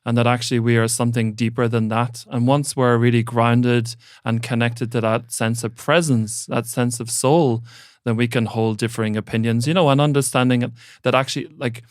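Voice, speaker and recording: Smooth-voiced man, reflective. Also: medium pitch, steady tone, normal speed, dry recording, clean studio sound. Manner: thoughtful, grounded, swears casually, uses spiritual imagery. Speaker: mentor and coach, podcast guest. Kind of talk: reflective conversational talk.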